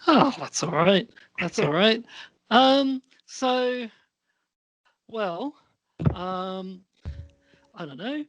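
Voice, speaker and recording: A male podcast co-host speaks slowly in a loose, rambling film chat. He hesitates often, drifting between "um" and "like" as he builds his point. The sound is dry and close, with no room around it. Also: sits high, expressive, fairly bright tone, no room sound. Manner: rambling, hesitant, many fillers and restarts.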